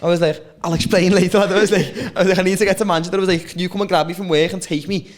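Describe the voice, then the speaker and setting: A man's voice: high-pitched, fairly even intonation. A man, a comedian guest telling anecdotes in casual podcast chat. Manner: fast anecdotal storytelling with quoted dialogue.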